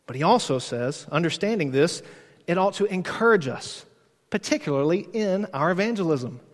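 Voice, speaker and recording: A pastor preaching an expository sermon, his fairly high voice ringing through a church with a long reverb. He presses hard on key lines and slows them down for weight. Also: lively intonation. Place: church sanctuary.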